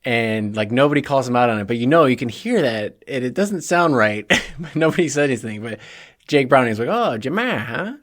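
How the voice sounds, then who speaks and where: A man's voice: medium pitch, brisk, a bit bright. Chatty man hosting a sports podcast. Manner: casual, chatty, joking asides. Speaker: podcast host. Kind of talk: solo sports preview podcast.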